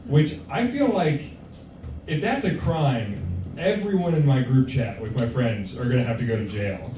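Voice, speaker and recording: A man's voice: mid-range voice, animated, moderate pace, recorded from a distance. A young man performing a stand-up set, offhand and self-deprecating, with lots of swearing. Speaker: stand-up comic. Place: comedy club. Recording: roomy club sound from afar, room noise.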